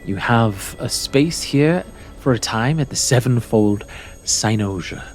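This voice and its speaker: A man voicing a gracious, serene female celestial who welcomes travelers with gentle formality. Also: medium pitch, expressive, a little slow, soft background music, close to an everyday voice. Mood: welcoming.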